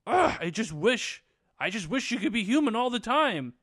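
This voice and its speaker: A man putting on the voice of a pleading young girlfriend while retelling a movie, whiny and high. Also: big pitch swings, moderate pace, fairly bright tone, dry recording, clean studio sound, heavily acted.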